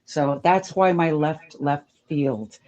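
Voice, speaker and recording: A woman's voice: low-pitched, darkish tone, highs cut off. A middle-aged woman from Long Island, calling in to a live show with an earnest, chatty question. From Long Island, New York. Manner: chatty, earnest, quick to laugh. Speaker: caller.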